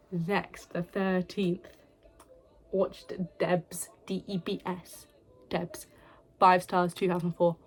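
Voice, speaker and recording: A young woman chatting through her monthly film reviews, full of likes and restarts, often dropping to a near whisper. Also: lowish voice. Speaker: film vlogger. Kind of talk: casual film review monologue.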